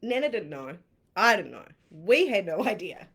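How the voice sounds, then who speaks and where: A woman with a New Zealand accent, a coach telling her own story in a candid, excitable way, laughing often and swearing casually on a live stream. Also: medium pitch, normal speed, vocal fry, husky. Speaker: manifestation coach.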